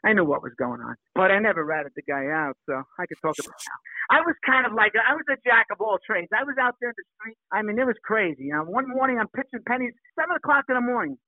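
A high-voiced man talks quickly in casual storytelling, acting out the voices of people he quotes. His voice comes through a narrow, phone-like line. The sound is dry, with no room around it. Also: animated, dry recording. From New York. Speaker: actor guest.

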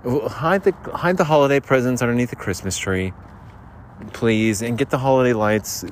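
A man's voice: mid-range voice, normal speed. Erratic man riffing comedy bits into a phone outdoors, with faint road noise behind him. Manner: rambling, repetitive, erratic shifts between shouting and muttering. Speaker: podcaster. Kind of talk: rambling improvised comedy skits. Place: outdoors near a road at night.

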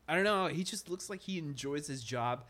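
A man's voice: a little high, animated, moderate pace, a bit bright. A man co-hosting a casual chat about films, enthusiastic and profane, laughing often. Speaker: podcast co-host.

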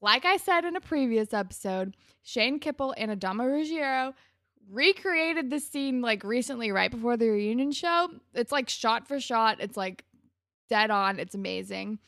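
A woman's voice: on the high side, animated, normal speed, a bit bright, dry recording, clean studio sound. A young woman co-hosting a podcast, telling chatty, self-mocking stories while recapping a show. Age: young adult. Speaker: podcast co-host. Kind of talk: casual recap chat.

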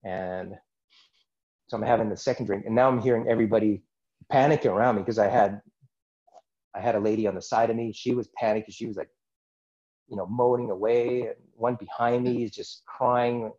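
A man's voice: on the low side, fairly even intonation, a little fast, mellow, lo-fi sound. A man as a podcast guest, earnestly recounting a personal experience in a rambling, casual way with many asides. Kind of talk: personal storytelling in a casual interview.

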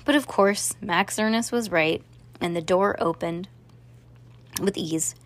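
A woman narrating a children's story aloud, steady, with small restarts. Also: mid-range voice, slow pace, dry recording. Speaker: reader.

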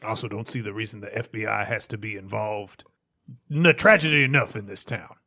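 A man's voice: lowish voice, a little fast, pushed and bright. A man playing a stuffy, pompous lending magnate in a tabletop murder mystery game. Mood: dismissive. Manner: stuffy, formal and disapproving. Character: pompous male lending magnate and amateur butcher.

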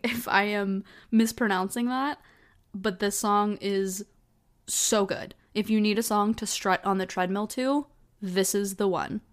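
A woman in her twenties hosting her own podcast, telling stories in a chatty, casual way with lots of fillers. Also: mid-range voice. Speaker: podcast host. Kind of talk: casual solo chat.

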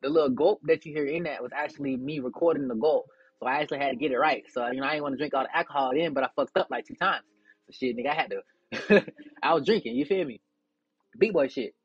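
Profane, defiant young man, husky voice. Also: medium pitch, fast, dry recording, lo-fi sound. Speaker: podcast host. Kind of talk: casual rant to listeners.

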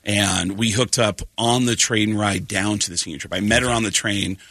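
A man's voice: on the low side, moderate pace, no room sound. A middle-aged man from Arizona, a comedian guest telling wild stories in casual podcast chat and acting out the voices. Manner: animated, acts out voices in his stories.

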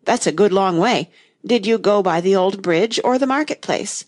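A woman's voice: mid-range voice, normal speed, darkish tone, lightly acted. A woman voicing a nervous, fussy old king in a storybook, with a quivering manner.

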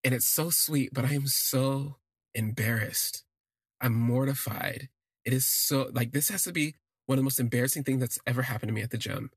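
A man telling a personal story in an expressive, self-deprecating way, drifting into asides. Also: mid-range voice, moderate pace, husky, no echo, clean studio sound. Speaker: podcast storyteller.

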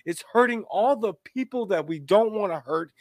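A man's voice: sits high, expressive, normal speed, no echo. A man from Louisiana hosting a podcast, talking politics in an emphatic, exasperated way. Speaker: podcast host. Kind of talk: casual political talk.

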